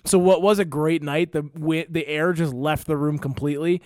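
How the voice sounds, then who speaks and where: A man's voice: fairly high pitch, fairly even intonation, normal speed, darkish tone, dry recording, studio quality. Swearing young guy telling a rambling story. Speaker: podcast co-host and comedian. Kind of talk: casual chat.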